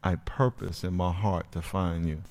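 Preacher guy, lowish voice, tells stories all animated, goes quiet then loud. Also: moderate pace. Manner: animated storyteller, acts out kids' voices, swings from quiet to loud. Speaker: pastor and youth football coach. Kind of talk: sermon with storytelling.

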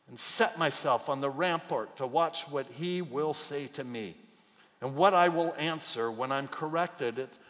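A man preaching a sermon as pastor, swinging from loud cries to near whispers. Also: on the high side, long reverb tail. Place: church auditorium.

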